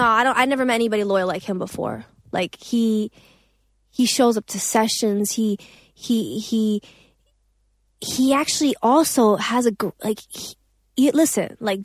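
A woman's voice: fairly high pitch, dry recording, clean studio sound. A young woman singer talking casually in an interview, rambling and profane with many restarts. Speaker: singer and songwriter.

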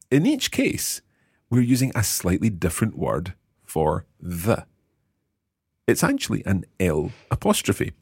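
A man hosting a language lesson, patiently explaining Italian words and slowing down to repeat phrases. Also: low-pitched, big pitch swings, creaky, slightly rough, dry recording, clean studio sound. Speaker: language course host.

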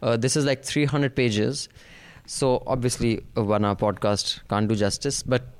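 A man's voice: medium pitch, steady tone, normal speed, smooth. A man with an Indian English accent hosting a casual political podcast, rambling through the news with jokes. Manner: joking, rambling news rundown. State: out of breath. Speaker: podcast host.

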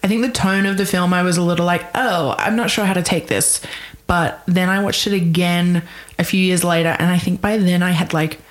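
A woman's voice: lowish voice, steady tone, a little fast. A woman co-hosting a film podcast, chatting playfully in long, rolling sentences. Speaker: podcast co-host. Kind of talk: casual film podcast chat.

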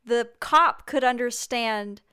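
American woman with a smooth, clear voice. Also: fairly high pitch, slow, pushed and bright. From United States. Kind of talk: casual podcast chat.

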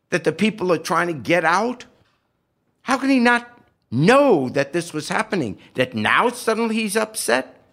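An older man appears as a podcast guest, his voice fairly high and fairly bright. His political commentary is impassioned and indignant, and he fires off rhetorical questions with a sarcastic edge.

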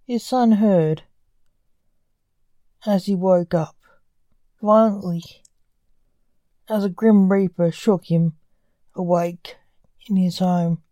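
A woman narrating a dark fantasy story in a slow, measured way. Her voice is mellow and warm, and the recording is close and dry. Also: on the low side, steady tone, no echo. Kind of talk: scripted narration.

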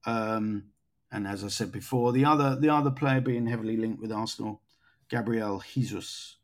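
A man's voice: lowish voice, normal speed. A man hosting a casual podcast chat, rambling and thinking aloud as he goes. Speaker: podcast host.

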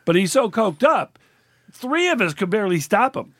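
A man, a cartoonist guest, chatting casually and a little haltingly. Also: sits high, very animated, a bit bright, no room sound, clean studio sound. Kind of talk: casual chat.

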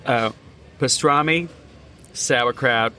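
A man's voice: medium pitch, slow, sharp tone, slight background noise. A man, a comedian and podcast guest, telling vivid, theatrical food stories in casual chat.

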